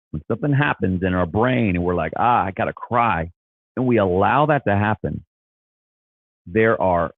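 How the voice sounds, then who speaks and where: A man's voice: deep voice, breathy edge, dry recording. A man hosting a casual livestream with a stuffy nose, rambling with restarts and bursts of enthusiasm. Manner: rambling, frequent restarts and fillers. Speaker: livestream host. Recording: tinny phone-like sound.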